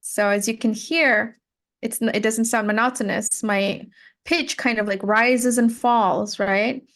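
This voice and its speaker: A woman's voice: a little high, fairly even intonation, measured pace, fairly bright tone. A woman tutoring English pronunciation, explaining patiently and modeling words and sentences. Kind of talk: giving spoken feedback in a one-on-one lesson.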